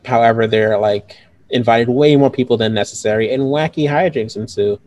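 A man's voice: medium pitch, normal speed, darkish tone. A man casually reviewing movies as a podcast co-host, rambling and laughing often.

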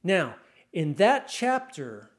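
Male preacher, sermon, high voice, slow deliberate delivery, acts out scripture. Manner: animated, acts out scripture quotes, raising voice for cries.

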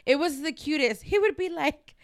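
A woman's voice: sits high, expressive, moderate pace, no room sound, clean studio sound. A woman co-hosting a casual podcast chat, imitating the small children she has worked with. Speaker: podcast co-host.

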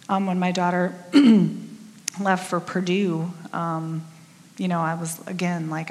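A woman's voice: fairly low pitch, flat delivery, slow pace, darkish tone. A middle-aged woman giving a conversational sermon as a church speaker, candid and self-deprecating, with lots of casual fillers. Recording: long reverb of a large hall.

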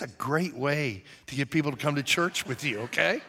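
A pastor preaches a sermon in a bright, forceful, somewhat high voice with a breathy edge, speaking at normal speed and with animation. He tells a personal story conversationally, then turns emphatic, earnest, and intense toward the end.

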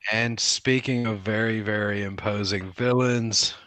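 A man's voice: fairly low pitch, steady tone, fairly bright tone, no echo. A man co-hosting a casual podcast, chatting and joking with friends. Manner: laughing, jokey, does quick impressions. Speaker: podcast co-host.

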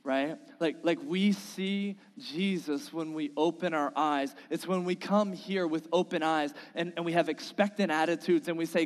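A man preaching a sermon with an earnest, pleading delivery that builds into impassioned appeals. His voice sits a little high for a man. A long reverb from a large church hall trails after every phrase. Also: fairly even intonation, normal speed, hardly any pauses. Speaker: pastor. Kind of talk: sermon with scripture reading. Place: church sanctuary.

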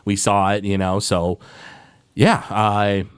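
Recapping a cartoon episode on the podcast he co-hosts, this man has a lowish, clear and resonant voice. His casual chat is animated and filler-heavy, broken up by quick character impressions, and the studio-quality audio has no echo.

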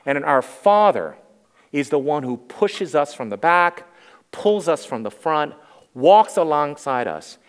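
A man's voice: a little high, very animated, measured pace, clean tone. A man in his forties preaching a sermon as pastor, earnest and emphatic, repeating key phrases. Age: 40s. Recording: reverberant hall.

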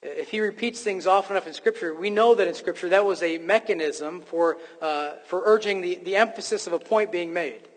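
An emphatic man preaching, his voice pitched high and full of restarts and fillers as he presses his point. His voice rings out with the long reverb of a large hall. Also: fairly quick, few pauses. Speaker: pastor. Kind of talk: sermon.

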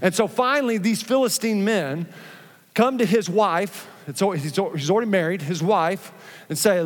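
A man's voice: high voice, normal speed, in a large hall. A male pastor preaching a sermon in a church, conversational and joking with the congregation. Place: church sanctuary.

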